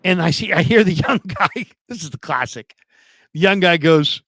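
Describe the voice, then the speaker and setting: A man's voice: a little high, expressive, normal speed, fairly bright tone. A man hosting a casual live sports stream, telling jokey stories and reading out viewer comments. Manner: joking storyteller, reads chat comments aloud. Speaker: podcast host.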